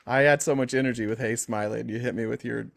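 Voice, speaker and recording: A man's voice: medium pitch, steady tone, fast talker, vocal fry. A man hosting a call-in talk show, chatting casually with callers, teasing them and laughing often. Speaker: podcast host taking callers. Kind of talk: casual chat.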